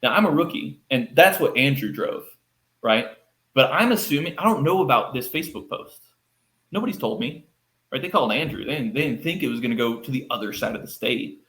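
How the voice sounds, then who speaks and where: A man from Texas, a podcast guest, telling a story in a casual, animated way, acting out quoted lines with lots of fillers. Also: medium pitch, fairly quick. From Texas, United States. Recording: roomy echo.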